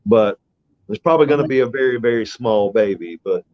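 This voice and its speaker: A middle-aged man spins a long personal story as he hosts a laid-back podcast. His talk wanders and is peppered with cursing, and feeling runs close under it. The audio is muffled and low-fi. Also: animated, brisk. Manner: rambling, profane, emotional retelling. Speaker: podcast host. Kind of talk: casual storytelling chat. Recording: dull lo-fi audio.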